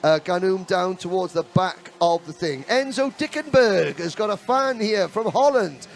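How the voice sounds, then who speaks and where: A man giving live kart race commentary, chatty and excitable, breaking into rapid bursts as the action heats up. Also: sits high, gravelly.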